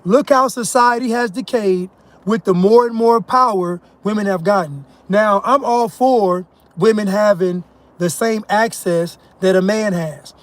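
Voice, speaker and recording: A man's voice: high-pitched, unhurried. A man delivering an emphatic, mocking monologue rant as a commentator, laughing at his own points. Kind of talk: ranting monologue.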